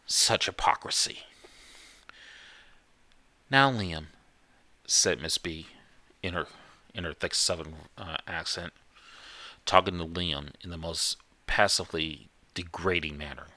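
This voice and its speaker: A man's voice: sits low, steady tone, unhurried, sharp tone, no room sound. A man narrating a horror story live, often stumbling and correcting himself as he reads. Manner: stumbling, self-correcting reading.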